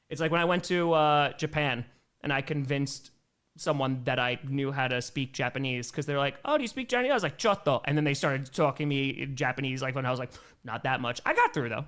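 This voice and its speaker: A young American man hosting a livestream, calling plays and chatting with viewers. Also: mid-range voice. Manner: switches between excited play calls and chatty replies to viewers. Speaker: livestream host doing play-by-play. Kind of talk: casual livestream play-by-play and chat.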